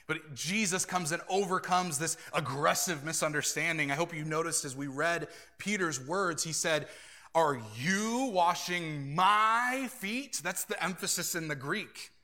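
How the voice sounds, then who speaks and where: A man preaching a sermon as pastor, earnest and animated, acting out quoted lines and laughing now and then. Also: a little high, moderate pace, hardly any pauses.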